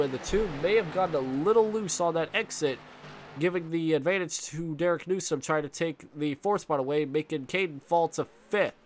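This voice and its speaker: Stuffy-nosed young man calling a sim race. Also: fairly high pitch. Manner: rambling with fillers and restarts, excited bursts at contact. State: stuffy, congested. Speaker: race commentator. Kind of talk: sim racing play-by-play commentary. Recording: faint engine noise behind.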